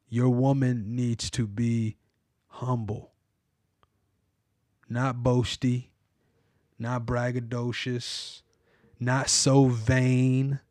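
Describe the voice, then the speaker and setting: A man's voice: mid-range voice, darkish tone, no room sound. Man, podcast host, emphatic sermon-like advice, repeats himself, dry close sound. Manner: emphatic, repetitive, addresses listeners directly. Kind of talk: preachy advice monologue.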